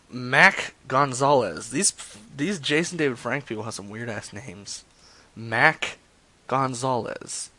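A man's voice: medium pitch, sharp tone, husky. A man hosting a stream of prank phone calls, talking in a crude, joking way and trailing off into mumbles. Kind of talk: casual rambling chat with prank calls.

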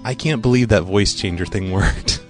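A man hosting a show, talking in a low-key, rambling way. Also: normal speed, faint music behind. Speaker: host. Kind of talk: casual chat.

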